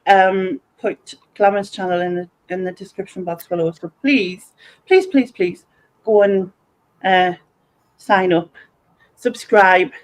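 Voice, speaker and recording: A woman from North East England with a Sunderland (Mackem) accent hosts a casual livestream, chatting and reading viewer comments aloud. Her voice is mid-range and the recording is rough.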